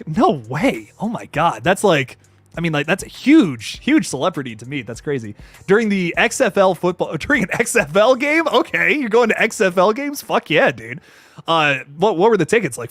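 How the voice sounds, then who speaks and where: Male livestream host, hyped and profane, very lively pitch, dry room. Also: dry recording. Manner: excitable and swearing, with frequent laughs. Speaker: horror movie channel host. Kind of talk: casual livestream chat reading super chats.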